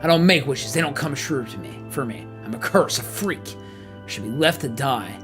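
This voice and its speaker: A man's voice: mid-range voice, animated, moderate pace, music in the background, lightly acted. Man reading as a bitter defiant young woman. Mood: despairing.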